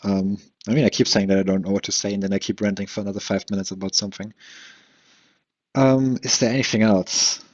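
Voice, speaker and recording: A man's voice: lowish voice, steady tone, quick pace, highs cut off. A young man rambling in a solo podcast monologue, swearing casually and breaking into laughs, with lots of fillers and restarts.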